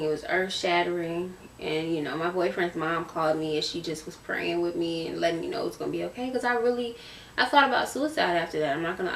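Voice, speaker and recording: A late-teen vlogger from Virginia speaks openly to the camera in a casual, emotional storytime, often repeating herself to make a point. Her voice sits on the low side and sounds gravelly. The recording is roomy, with her voice coming from a distance and slight background noise.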